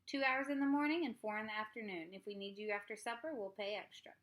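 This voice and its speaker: A woman reading a children's book aloud, voicing a calm, agreeable mother in a measured, even-tempered way. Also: mid-range voice, lightly acted, poor audio.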